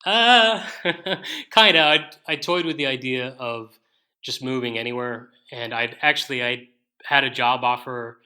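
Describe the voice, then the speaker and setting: A man's voice: mid-range voice, measured pace, pushed and bright. An IT professional raised in Ireland with a slightly American-sounding Irish accent, an easygoing podcast guest who laughs often as he tells his story. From Ireland, born in New York. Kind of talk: casual interview chat.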